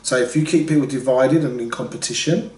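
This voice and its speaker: A man co-hosting a casual podcast conversation, animated and full of restarts, slipping into quoted voices. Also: medium pitch, brisk. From Britain. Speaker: podcast co-host. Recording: roomy, somewhat distant mic.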